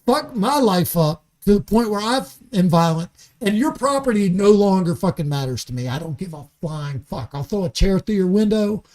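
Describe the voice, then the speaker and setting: Guesting in a studio for a casual podcast chat, this man talks in a high, animated voice at normal speed, a little mellow. His speech is an angry, swear-filled rant in which he keeps repeating words and starting sentences over.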